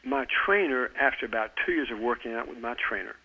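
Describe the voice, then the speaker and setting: A man's voice: medium pitch, expressive, fast talker, bright, forceful tone, rough recording. A man in his seventies, an author talking about fitness in an interview, earnest, often repeating a word as he starts a sentence. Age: 70s. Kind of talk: conversational interview.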